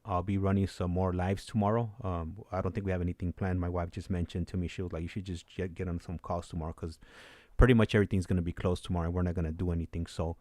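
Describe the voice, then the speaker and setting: A man's voice: sits low, little pitch movement, fast, few pauses, dark tone, no echo, studio quality. A man hosting a livestream who chats in a laid-back way while waiting for a call. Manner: laid-back, many fillers and restarts. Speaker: channel host. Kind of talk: casual livestream chat.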